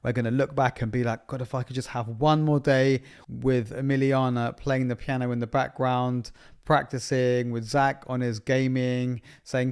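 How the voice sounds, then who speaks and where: Brief: dad co-host, thirties, gravelly voice, warm sentimental storyteller in a casual chat. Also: male voice, mid-range voice, level tone, normal speed. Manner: sentimental, laughs through stories. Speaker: podcast co-host.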